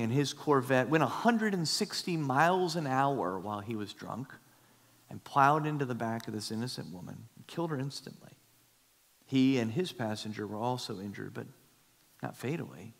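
A middle-aged male pastor preaching a sermon, swinging from loud, high emphasis to hushed near-whispers. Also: creaky. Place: church sanctuary. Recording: long church hall reverb.

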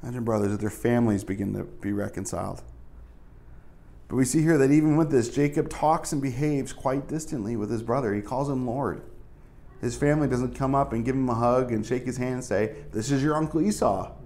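A man's voice: medium pitch, a little fast, warm tone. A male pastor giving a casual, conversational sermon, full of asides and fillers.

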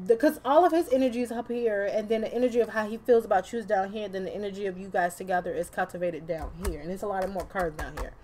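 A woman's voice: medium pitch, fast, a little mellow. A woman doing a casual tarot reading to camera, chatty and loose, with slang, swearing and laughing asides. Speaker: tarot card reader.

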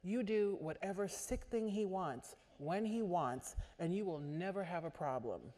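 A woman's voice: fairly low pitch, lively intonation, a little slow, warm tone. Woman reading as a blunt mother. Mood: matter-of-fact. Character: blunt middle-aged mother giving advice. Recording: echoey auditorium.

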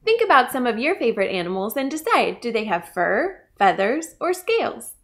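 A woman's voice: on the high side, moderate pace. A woman telling a story to children at a library story time, speaking to them directly. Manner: bright, animated, addresses children.

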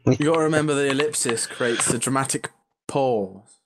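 A man's voice: mid-range voice, normal speed. Giggly British man over noisy audio. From United Kingdom. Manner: giggly, teasing. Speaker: gamer on a livestream. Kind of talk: casual chat while gaming.

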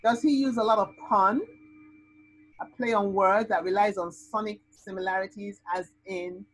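A woman tutor teaching an SAT lesson over a video call, explaining with lively, animated delivery. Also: medium pitch, moderate pace, poor audio. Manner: lively, animated explaining with sound-word outbursts.

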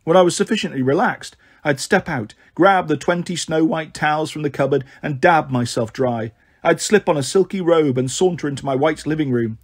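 A man with a somewhat high, husky voice reads a children's novel aloud. His narration is steady and measured. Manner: steady first-person reading. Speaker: storyteller.

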